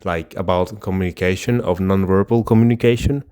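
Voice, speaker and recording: Podcast co-host, male, lowish voice, rambling conversational delivery with restarts. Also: brisk, warm tone, clean tone. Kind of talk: casual chat.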